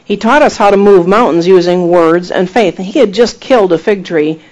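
A man preaching a sermon, retelling scripture with emphatic, animated delivery and acted-out quotes. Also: high-pitched, moderate pace, poor audio. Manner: animated storytelling, acting out quoted voices; emphatic, rising to exhortation.

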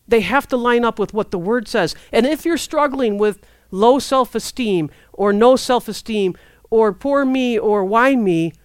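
A woman preaching a sermon in a conversational, lively way, acting out prayers and inner thoughts. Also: a little high, measured pace, no room sound, clean studio sound.

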